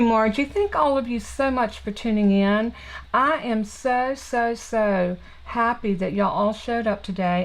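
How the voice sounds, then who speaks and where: A woman's voice: on the high side, rough recording. A woman with a Southern US accent, hosting a live card-making stream in a chatty, rambling way from her home craft room. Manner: chatty, warm, rambling with fillers and restarts. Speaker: craft channel host. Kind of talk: casual live-stream chat.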